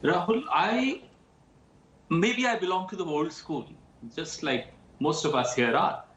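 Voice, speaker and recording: A man's voice: a little high, very animated, unhurried, a bit bright, roomy sound, slight background noise, rough recording. A man with an Indian accent speaking as a political spokesperson in a TV news debate, impassioned and pleading. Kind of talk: TV debate panelist.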